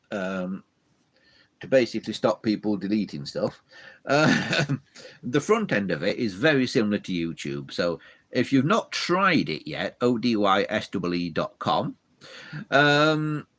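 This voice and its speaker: A man hosting a live stream from his loft, rambling chattily as he reads out viewer comments. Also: medium pitch. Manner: rambling, chatty, many fillers and restarts. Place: home loft full of old telephones.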